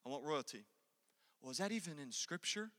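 A young man preaching a sermon in a church, swinging from loud passionate peaks to quiet conversational asides. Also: fairly high pitch, lively intonation, fairly quick, big-room sound.

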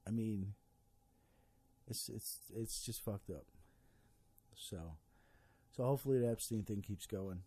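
A man's voice: lowish voice, unhurried, long pauses, warm tone, breathy edge, no room sound. A man ranting casually about politics as a podcast host, swearing constantly and rambling with many fillers.

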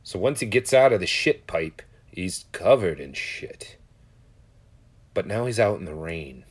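Low-voiced man rambling and cursing. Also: very animated, a little slow, slightly rough. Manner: profane, storytelling, loose and conversational. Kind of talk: casual rambling monologue.

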